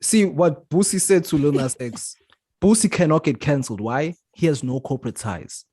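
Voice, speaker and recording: A man's voice: fairly high pitch, expressive, moderate pace, a little mellow, no room sound, studio quality. A man co-hosting a casual podcast, laying out his points in a laid-back, explanatory way. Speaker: podcast co-host. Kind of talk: casual chat.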